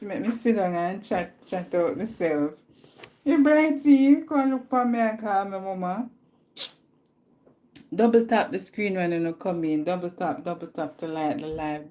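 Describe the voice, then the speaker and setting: A woman's voice: on the low side, darkish tone. A woman with a Jamaican accent chatting casually with viewers on a live stream, talkative and laughing often. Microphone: phone.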